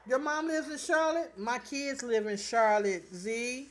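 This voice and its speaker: A woman's voice: a little high, a little slow. A middle-aged woman, chatting casually on a livestream, reading viewer comments aloud and often laughing as she talks straight to her viewers. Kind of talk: casual live chat.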